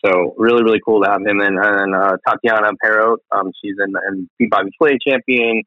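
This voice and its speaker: A low-pitched man chats as a guest chef, rambling through his stories with lots of fillers and restarts. His voice comes over a thin, phone-like line that sounds dry and close. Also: steady tone, fairly quick, no room sound. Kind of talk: casual interview chat.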